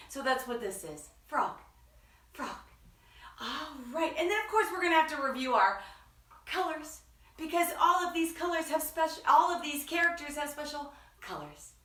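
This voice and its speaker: A woman's voice: sits high, sharp tone, reverberant, distant mic. A woman hosting a children's story time, talking to kids in a sing-song, enthusiastic teacher way. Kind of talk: children's read-aloud lesson.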